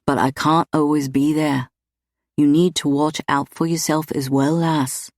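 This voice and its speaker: A woman doing a deep, gentle country constable. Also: flat delivery, unhurried, no echo, clean studio sound. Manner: gentle, reassuring. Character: deep-voiced gentle male Bow Street runner.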